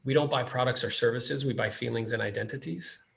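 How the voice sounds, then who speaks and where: A man's voice: mid-range voice, brisk, vocal fry. A man hosting a podcast, chatting casually with a guest and acting out the people in his stories. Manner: animated storyteller, acts out quotes. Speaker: podcast host. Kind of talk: casual interview chat.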